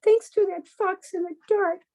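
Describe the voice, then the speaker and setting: A woman voicing a tiny, weary male mouse in a picture-book reading, in a high squeaky voice. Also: fairly even intonation, unhurried, darkish tone. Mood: pleading.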